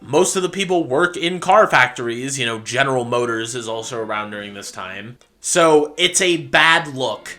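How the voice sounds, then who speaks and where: A man talks through a history topic for his video channel in a relaxed, animated way and tosses in joking asides. His voice sits a bit high and sounds bright and sharp. The delivery stays chatty and explanatory. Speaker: video essay host.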